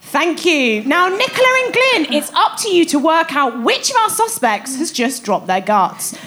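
A woman's voice: sits high, very animated, measured pace, sharp tone. A woman reading a comedy sketch as a playful game-show host, with a live audience. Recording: live audience laughter behind.

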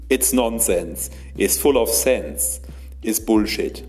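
A man delivering a mock guru monologue for a podcast, slowly repeating short chant-like phrases. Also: on the low side, darkish tone, faint music behind. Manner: slow, repetitive, chant-like phrases.

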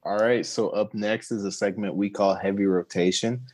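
Low-voiced casual podcast co-host. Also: male voice, moderate pace. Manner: relaxed, conversational, hedging with fillers. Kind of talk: casual podcast chat about music.

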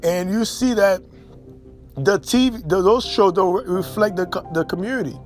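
Blunt high-voiced man, faint music. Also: moderate pace. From Haiti. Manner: blunt, emphatic, repeats himself for stress. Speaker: commentator. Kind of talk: casual monologue. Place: New York and elsewhere in the States.

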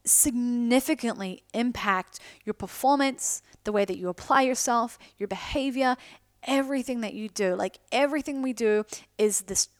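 A woman's voice: fairly high pitch, normal speed, no echo, clean studio sound. A woman hosting a solo podcast, talking candidly and casually, swearing freely and slipping in self-mocking asides. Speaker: podcast host.

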